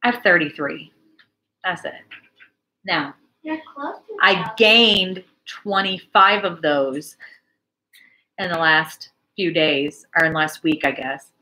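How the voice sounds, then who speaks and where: A woman in her forties hosts a casual church livestream chat, reading viewer comments and chatting in an animated way. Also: sits low, slow pace, pauses often.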